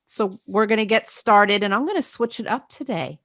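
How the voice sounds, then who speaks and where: Woman, podcast host, relaxed, playful, mid pitch, dry close mic. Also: normal speed, no echo. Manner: relaxed, playful turn-giving. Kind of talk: casual podcast hosting.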